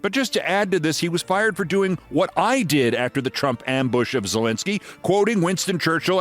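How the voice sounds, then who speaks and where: A man in his sixties delivers commentary with biting sarcasm and theatrical emphasis. His pitch swings widely as he speaks, and a faint bed of music plays beneath him. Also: lively intonation, normal speed, few pauses. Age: 60s. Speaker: host. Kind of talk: political commentary and story reading.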